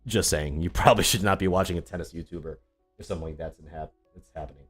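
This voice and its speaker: Talking fast in a low, fairly bright voice with a breathy edge, a young man streams live about tennis as a YouTuber, soft music in the background. He's casual and sarcastic, rambling through viewer questions with plenty of ums.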